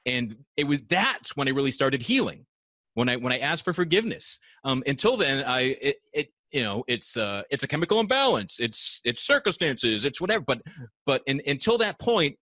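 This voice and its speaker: A man speaking casually and confessionally, halting and restarting often. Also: medium pitch, sing-song, pushed and bright, no echo. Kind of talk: casual conversation.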